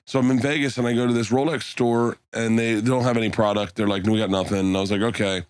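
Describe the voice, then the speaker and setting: A man's voice: lowish voice, flat delivery, fast talker, smooth, no room sound, studio quality. A middle-aged man, a comedian guest on a podcast, telling a rambling, profane story and acting out the other people in it. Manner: rambling anecdote, acts out quoted dialogue, swears freely.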